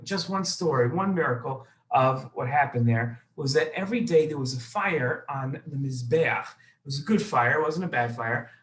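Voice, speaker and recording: A man's voice: fairly high pitch, echoey room, poor audio. A man, a rabbi, telling a children's story in an explanatory way, talking to the listener directly.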